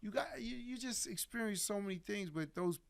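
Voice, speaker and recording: A man telling an animated story as a podcast guest, laughing often and acting out quotes. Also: high-pitched, brisk, creaky. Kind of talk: casual storytelling chat.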